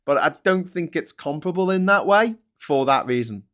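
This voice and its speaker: A man with a Scouse accent hosting a political livestream, talking in an excitable, sweary, rambling way. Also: on the high side, moderate pace. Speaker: livestream host. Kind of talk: casual political livestream chat.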